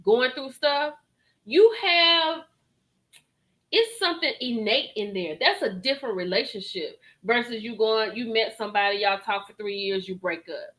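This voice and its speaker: A woman hosting a reaction video, giving animated commentary on a reality show, laughing and talking straight to her viewers. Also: fairly high pitch, moderate pace, rough recording.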